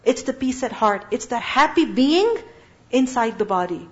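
A woman's voice: on the high side, expressive, moderate pace. A woman giving a religious lesson on the Quran, reciting Arabic verses and asking her listeners rhetorical questions. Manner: asks rhetorical questions, acts out little dialogues. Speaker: Quran teacher. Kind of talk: religious lecture. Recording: slightly muffled lo-fi audio.

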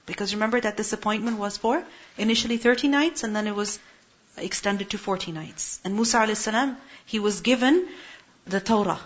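A woman's voice: mid-range voice, a little fast. A woman teaching a Quran lesson, explaining Arabic words and asking her listeners questions. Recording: muffled lo-fi recording.

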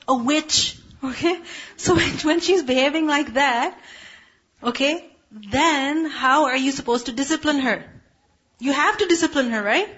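A woman's voice: on the high side, a bit bright, husky, lo-fi sound. A woman teaching a lesson that explains scripture, often checking in with rhetorical questions. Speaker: religious teacher.

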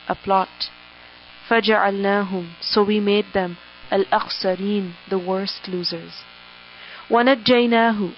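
A woman teaches a word-by-word translation of the Quran, reading each word and following it with its English meaning in short, measured phrases. Her pitch sits in an ordinary middle range. The recording is dull and muffled, with a faint mains hum underneath.

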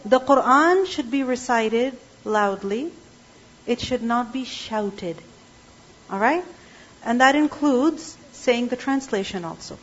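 High-voiced woman teaching a class. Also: lo-fi sound. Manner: asks the class frequent checking questions. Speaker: Quran teacher.

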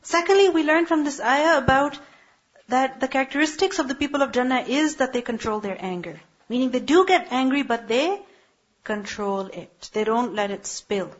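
A woman's voice: high-pitched, animated, moderate pace, highs cut off. A woman teaching an Islamic lecture in an earnest, emphatic way, often asking her listeners questions. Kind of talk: religious lecture.

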